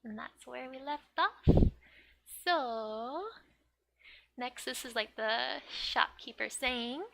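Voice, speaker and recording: A woman's voice: on the high side, slow, creaky, fairly bright tone, slight background noise. A woman giving a casual lesson on a comic, chatty and full of "like" fillers, with frequent laughs. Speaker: Japanese teacher.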